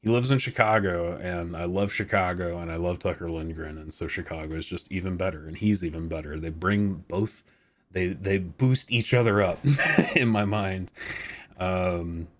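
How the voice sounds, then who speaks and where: A man's voice: deep voice, steady tone, normal speed. A man in his thirties chatting casually on a live stream, rambling, laid-back and swearing freely. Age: 30s.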